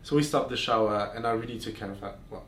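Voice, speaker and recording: A male podcast host with a lowish, steady, fairly bright voice talks fast, telling explicit stories in casual chat packed with fillers and restarts. His delivery is candid. The audio sounds roomy and distant from the mic, with faint noise.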